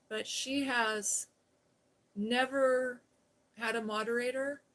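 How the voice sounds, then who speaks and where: A middle-aged woman hosting a live stream, chatting in a rambling, heartfelt, soft-spoken way. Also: mid-range voice, rough recording. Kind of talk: casual live-stream chat.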